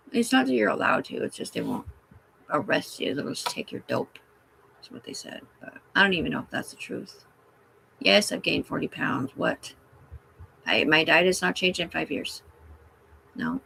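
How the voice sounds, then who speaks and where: Sex: woman. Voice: gravelly, rambling livestreamer. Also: fairly low pitch, pushed and bright, dry recording. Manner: rambling, profane, talks back to chat. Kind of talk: rambling live stream chat. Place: her room.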